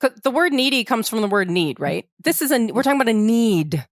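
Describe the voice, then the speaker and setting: A woman's voice: fairly high pitch, big pitch swings, fast, no echo, clean studio sound. A woman co-hosting a podcast, explaining things earnestly and emphatically in casual chat. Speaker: podcast co-host.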